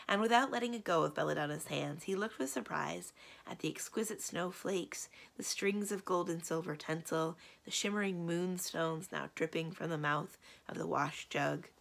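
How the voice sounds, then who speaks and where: A woman librarian reads a children's storybook aloud, her pitch low but rising and falling widely. Her tone is bright and forceful with a gravelly fry in it. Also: moderate pace. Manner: expressive, storytelling. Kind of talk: children's read-aloud narration.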